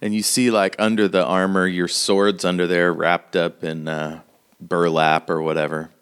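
A man's voice: sits low, little pitch movement, moderate pace, fairly bright tone, clear, resonant tone. A man narrating as game master in a laid-back, rambling way.

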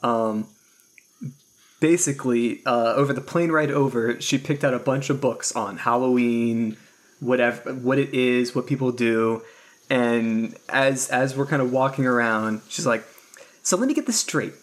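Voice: mid-range voice, steady tone, unhurried. A player in a tabletop role-playing game, speaking hesitantly with many fillers.

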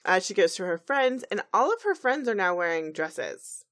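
A woman's voice: mid-range voice, normal speed. Giggly woman recapping a cartoon episode. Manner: animated, giggly storytelling. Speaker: podcast co-host.

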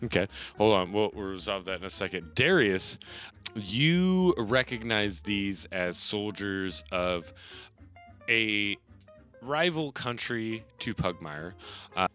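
A man's voice: on the low side, animated, slow pace, a bit bright, soft background music. Hesitant male game master. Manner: hesitant, many fillers. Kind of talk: narrating a tabletop game.

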